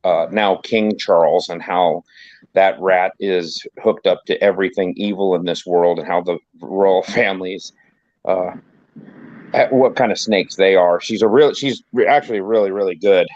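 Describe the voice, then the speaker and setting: Low-voiced man chatting over a phone. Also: steady tone, moderate pace, darkish tone, dry recording, muffled recording. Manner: rambling, with many restarts and fillers. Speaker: guest on a group livestream. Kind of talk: casual chat.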